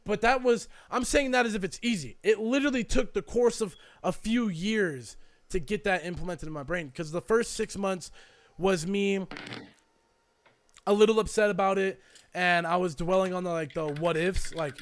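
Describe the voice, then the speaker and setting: A man's voice: high-pitched, normal speed. A young man co-hosting a podcast, talking in a rambling, reflective way with lots of fillers. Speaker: podcast co-host. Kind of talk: casual chat.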